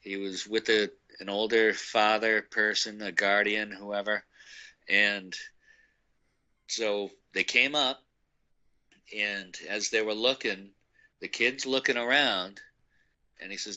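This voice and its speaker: A man's voice: on the low side, fairly even intonation, takes it slowly, long pauses, bright, forceful tone, highs cut off. A man casually telling a rambling story, laughing often and acting out the people he quotes. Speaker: guest recounting a meeting.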